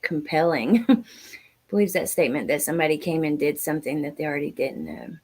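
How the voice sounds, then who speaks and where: Lady streamer thinking out loud, reading chat, lowish voice. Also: very fast. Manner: muses aloud and reads out chat comments. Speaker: livestream host. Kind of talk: livestream reaction commentary.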